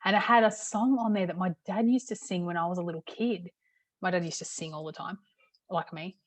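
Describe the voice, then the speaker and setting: A middle-aged woman, a parenting coach, teaching in a casual, chatty way with many "okay"s and a slightly hoarse throat. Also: fairly low pitch, steady tone, fairly quick, dry recording. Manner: chatty, repeats "okay" often. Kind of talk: casual talk-to-camera teaching.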